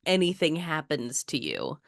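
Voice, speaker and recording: A woman with a low voice co-hosts a casual podcast, chatty and quick to laugh. Her voice is recorded dry and close. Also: wildly swooping pitch, gravelly, dry recording. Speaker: podcast co-host.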